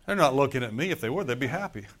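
A man's voice: mid-range voice, expressive, rapid-fire, very noisy. Guy preaching in church, folksy, laughs a lot, keeps asking the crowd questions. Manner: folksy, laughing asides, rhetorical questions to the congregation. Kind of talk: sermon. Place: church service.

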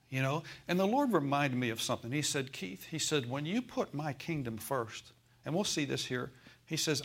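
A male pastor preaching a sermon in a church, folksy, asking the congregation for replies and slowing down to read scripture aloud. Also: medium pitch, fairly bright tone, breathy edge.

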